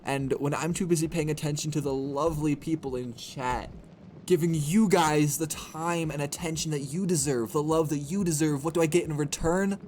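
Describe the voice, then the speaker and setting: A man's voice: on the high side, normal speed, a little mellow, slight background noise. A man streaming a game, talking to his chat in playful, self-mocking mini rants. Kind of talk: livestream gameplay commentary.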